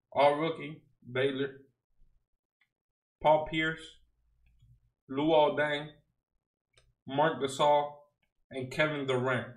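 A young man chats casually as he opens card packs, slangy and wisecracking, with a fake outrage at the players he pulls. He talks slowly and unhurriedly in a slightly high voice. The room around him is echoey. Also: level tone. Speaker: card unboxing streamer. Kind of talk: casual unboxing chat.

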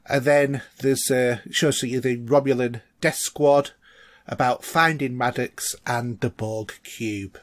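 A man's voice: medium pitch, steady tone, takes it slowly. A middle-aged man co-hosting a casual podcast, chatty and rambling with lots of fillers. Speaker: podcast co-host.

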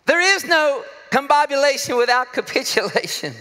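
A middle-aged pastor preaching a sermon, joking and laughing often with self-deprecating asides. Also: male voice, very high-pitched, expressive, normal speed, sharp tone, big-room sound. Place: church sanctuary.

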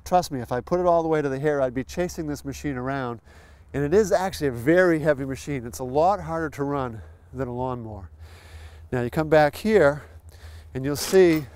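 A man's voice: medium pitch, a little mellow, smooth, no room sound. A man hosting a lawn care lesson outdoors, explaining steps in a folksy, plain way with simple comparisons. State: a little out of breath at times. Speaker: lawn care show host. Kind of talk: instructional demonstration.

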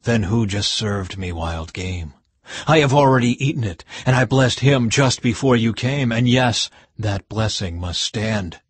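A man voicing an old blind father who speaks with a slow, solemn cadence. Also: fairly low pitch, expressive, breathy edge, no room sound.

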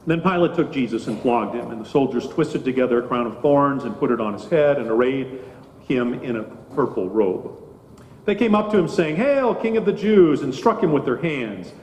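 A man's voice: mid-range voice, expressive, moderate pace, a little mellow, a little hiss or hum. Solemn man in an echoing church. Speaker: pastor. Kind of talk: scripture reading and short sermon. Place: church sanctuary. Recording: echoey church with long reverb.

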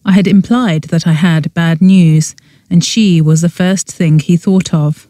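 An audiobook narrator reading a cozy mystery in first person, with an even storytelling manner. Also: medium pitch, measured pace, no room sound.

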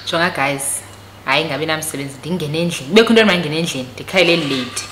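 A South African woman telling a story on her vlog, animated and switching between Xhosa and English. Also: low-pitched, fast, a little hiss or hum. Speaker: vlogger. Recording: echoey room recording.

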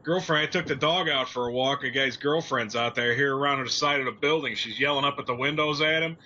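A man's voice: mid-range voice, a little fast. A man co-hosting a casual roundtable show, telling stories with lots of swearing and acting out the people in them. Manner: profane, animated storyteller acting out voices. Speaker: roundtable co-host. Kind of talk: casual storytelling chat. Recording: dull lo-fi sound with faint noise.

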